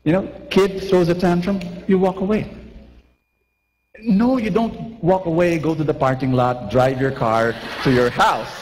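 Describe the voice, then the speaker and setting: A man preaching a lively sermon, acting out little scenes and asking the crowd questions. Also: a little high, a little slow, in a large hall, low-quality recording.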